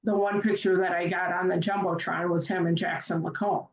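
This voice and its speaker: A woman's voice: fairly low pitch, level tone, brisk. A woman guest on a podcast telling stories casually, chatty with lots of filler phrases. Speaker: podcast guest, hockey fan. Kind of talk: casual storytelling. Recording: distant, echoey, dull remote audio.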